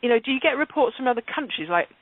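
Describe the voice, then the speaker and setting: A man's voice: very high voice, animated, racing, no echo. A man hosting a call-in radio show asks curious, rambling questions full of fillers. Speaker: radio host. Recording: tinny phone-line audio, dry.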